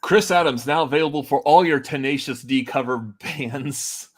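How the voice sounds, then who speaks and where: A man's voice: medium pitch, normal speed. A man co-hosting a casual podcast chat, hesitant, with many fillers and restarts, laughing often. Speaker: podcast co-host.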